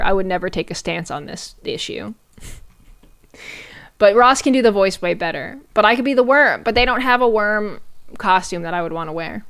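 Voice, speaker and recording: A woman's voice: medium pitch, fairly bright tone, clean tone. A young adult woman streamer chatting casually to her viewers, swearing and using slang, often laughing.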